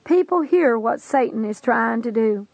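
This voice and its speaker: A woman's voice: fairly high pitch, animated, unhurried, creaky, a little mellow, no room sound, low-quality recording. A woman preacher earnestly recounting a vision in a solemn testimony, with old-fashioned scriptural wording. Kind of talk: testimony sermon.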